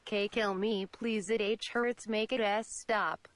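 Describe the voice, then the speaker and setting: A woman's voice: medium pitch, steady tone, slow pace, no room sound, natural voice. A woman voicing a badly injured young man who begs in a stuttering, pleading voice. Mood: desperate.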